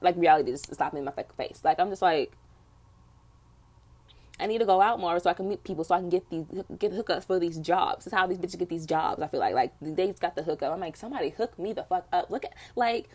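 A woman's voice: on the low side, quick pace, darkish tone. A young woman hosting her own podcast, venting bluntly with lots of swearing in casual chat. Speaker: podcast host.

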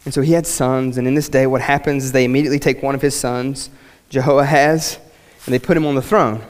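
A man preaching a sermon in a church with passion, swinging between loud and hushed and often saying "I mean.". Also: medium pitch, fairly even intonation, fairly quick. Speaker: pastor. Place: church sanctuary. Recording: long reverb of a church hall.

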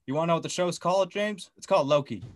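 Excitable, profane man recapping a TV episode. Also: fairly high pitch, rapid-fire. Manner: excitable, profane, acts out scenes. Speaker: podcast co-host. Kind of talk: casual chat, recapping a TV episode.

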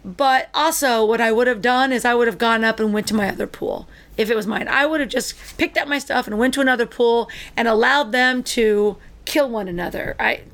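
A middle-aged woman with a high voice tells a story in casual conversation. She is animated and restarts her sentences often as she goes. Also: a little fast, few pauses. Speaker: podcast co-host. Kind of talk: casual chat.

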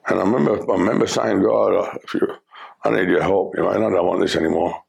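A middle-aged Australian man with a deep, gravelly voice, a former criminal, shares his life story as personal testimony. His tone stays flat and level, and his earnest delivery is halting and full of fillers.

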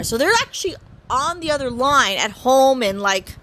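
A woman in her thirties chatting casually as a vlogger from her room, talking into her phone with lively, swooping inflections. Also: high-pitched, moderate pace, rough recording. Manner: animated, lots of vocal inflection. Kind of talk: casual chat. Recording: phone recording with background noise.

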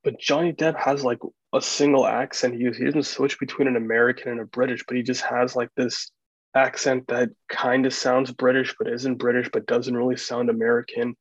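A man with an East Coast American accent chatting casually on a podcast, relaxed and musing with lots of fillers. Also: medium pitch, moderate pace, husky, no room sound. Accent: Eastern US, Washington D.C. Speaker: podcast host. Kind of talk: casual chat. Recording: dull lo-fi sound.

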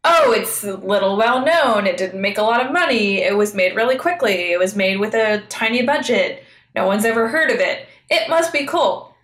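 A woman's voice: mid-range voice, fairly bright tone. A woman co-hosting a film podcast in casual chat, dry and blunt. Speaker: podcast co-host. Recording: roomy echo.

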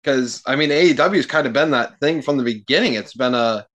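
A man's voice: medium pitch, brisk. A man, a podcast guest, talking in casual chat, profane and getting worked up as he goes. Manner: animated, profane, gets worked up.

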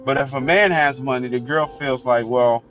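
A man's voice: mid-range voice, moderate pace, a bit bright. A man giving a blunt, emphatic, opinionated solo monologue as a commentator. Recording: dull lo-fi recording with faint music.

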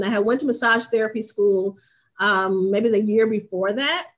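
A woman tells her own story in an interview in a middle-pitched voice. She talks in a lively way and slips into the voices of the people she quotes. The audio sounds a little dull and lo-fi. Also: normal speed. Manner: animated, acts out quoted voices. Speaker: spa owner and business coach.

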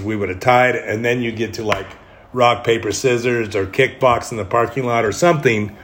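A man's voice: medium pitch, fairly bright tone. Candid, rambling male podcast host. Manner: candid, rambling, self-deprecating humor. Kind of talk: solo podcast monologue.

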